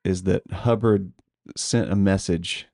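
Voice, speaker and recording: A man's voice: deep voice, fairly even intonation, slow pace, mellow. A man co-hosting a podcast, chatting casually with a hedging, laughing manner and frequent ums. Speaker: podcast co-host. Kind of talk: casual conversational podcast chat.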